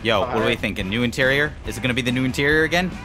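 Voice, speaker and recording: A young man giving excited co-op gameplay commentary, loud, yelling, laughing and swearing. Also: medium pitch, very fast. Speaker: gaming streamer. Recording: game music behind voice.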